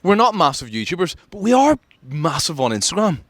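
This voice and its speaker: A man from Ireland hosting a podcast, telling a story in casual chat and acting out quotes with big jumps in pitch. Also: sing-song, brisk, no room sound. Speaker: podcast host.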